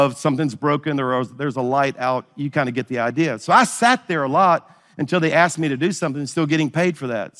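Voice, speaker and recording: A man's voice: a little high, fairly bright tone, big-room sound. A middle-aged man preaching a sermon, telling a story and acting out the dialogue. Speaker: pastor.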